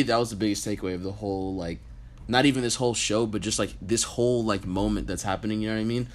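A young man in casual chat, talking in an earnest, slangy way. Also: lowish voice.

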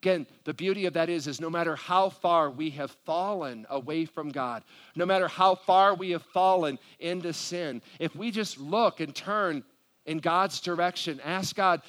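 A middle-aged pastor with a fairly high voice delivers a Sunday sermon in a church sanctuary. He reads scripture aloud and then turns to earnest, prayer-like appeals to the people in front of him. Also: moderate pace, fairly bright tone.

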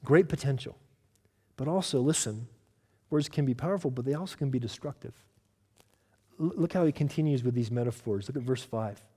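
A man from Southern California preaching a sermon as pastor, earnest, swinging between loud emphasis and soft, slow asides. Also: mid-range voice, breathy edge, long reverb tail.

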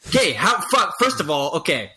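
A man from Western Canada with a Western Canadian accent, co-hosting a podcast, chatting excitably and swearing freely. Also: fairly high pitch, normal speed, music in the background. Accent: Western Canadian English. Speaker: podcast co-host. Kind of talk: casual chat.

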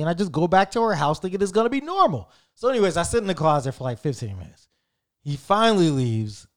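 A man in his thirties casually telling a story in an animated, slangy way, with frequent swearing. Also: high-pitched. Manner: animated, profane, slangy and conversational.

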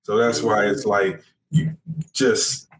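A man's voice: lowish voice, slow. A man chatting casually about movies as a podcast co-host, enthusiastic and rambling, with lots of fillers. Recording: echoey room with faint noise.

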